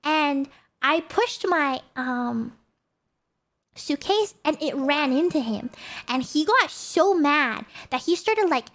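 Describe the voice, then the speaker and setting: Young woman streamer, high voice that swings all over, laughy casual storytelling. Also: slow pace. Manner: animated, laughs often, fillers like "like".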